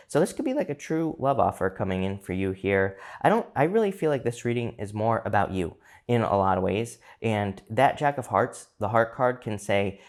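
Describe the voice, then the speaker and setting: A man giving a casual tarot card reading to his viewers, chatty and loose, with fillers and restarts. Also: on the low side. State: hiccups. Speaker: tarot reader.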